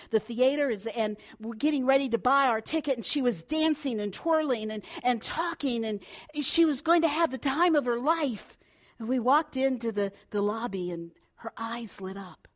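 An older woman preaching a sermon, telling a family story with swings between hushed and loud delivery. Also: a little high, moderate pace.

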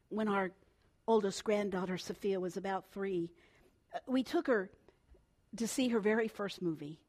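An older woman preaching a sermon, telling a family story with swings between hushed and loud delivery. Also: medium pitch.

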